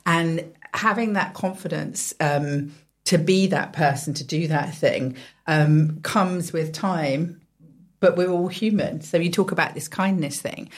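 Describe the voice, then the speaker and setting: A woman hosting a radio show, talking in a reflective, measured way. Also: low voice, darkish tone. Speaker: radio host. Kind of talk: casual radio chat.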